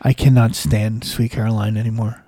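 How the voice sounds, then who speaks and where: A man's voice: on the low side, little pitch movement, normal speed, mellow, dry recording. A man co-hosting a casual podcast, ranting in exasperation and swearing. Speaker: podcast co-host. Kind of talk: casual chat.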